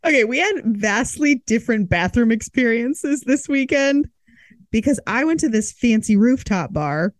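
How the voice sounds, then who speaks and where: A woman's voice: on the high side, animated, moderate pace, no echo. A young woman co-hosting a podcast in casual chat, with wry, dry quips. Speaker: podcast co-host.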